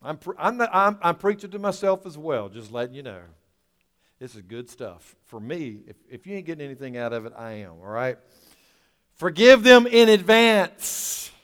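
A male pastor preaching a sermon, swinging from loud, drawn-out lines to quiet asides and asking the congregation rhetorical questions. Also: medium pitch, lively intonation, long reverb tail.

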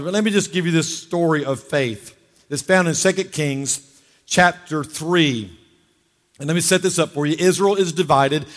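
A man preaching in a church sanctuary, charged up and exhorting his listeners. His voice sits a little high for a man, and it rings out in the long reverb of a large hall. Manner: fired-up, exhorting, calls for amens. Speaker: pastor. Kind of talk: sermon.

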